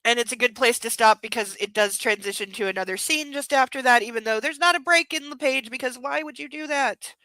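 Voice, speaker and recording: A woman's voice: on the high side, fairly quick, few pauses, bright, forceful tone, dry recording, rough recording. A young woman hosting a book club, reading a novel aloud with sarcastic, mocking asides. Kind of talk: comedic book reading with commentary.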